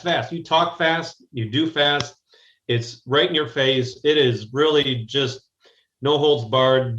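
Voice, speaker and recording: A man's voice: mid-range voice, fairly bright tone. An American man talks business in a loose, rambling way, circling back and restarting his thoughts before landing on a blunt point. His voice sits in a middle register and comes through a slightly dull, muffled remote connection with a roomy echo around it. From United States. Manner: rambling, frequent restarts, direct. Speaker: guest business strategist. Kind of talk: conversational interview. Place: Chicago, remote call.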